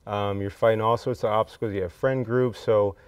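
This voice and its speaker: A young man being interviewed on a talk show about student affairs, answering in a halting, relaxed way with fillers, on a dull, slightly lo-fi recording. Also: fairly low pitch, clean tone, no room sound. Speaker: student affairs staff guest. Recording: dull, slightly lo-fi, dry sound.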